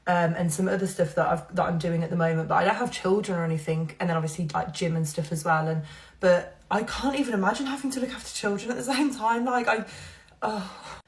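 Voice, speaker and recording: A woman's voice: lowish voice, fairly even intonation, quick pace. A young woman chatting candidly while doing her makeup, rambling openly about her feelings and laughing between thoughts. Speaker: social media creator. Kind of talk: confessional get-ready-with-me chat.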